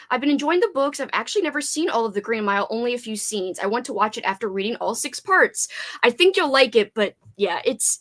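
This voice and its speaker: A bubbly woman hosting a casual livestream, greeting her viewers one by one with playful, sing-song hellos. Her voice sits high and swoops up and down constantly as she chats. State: slightly out of breath after exercise. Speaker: livestream host.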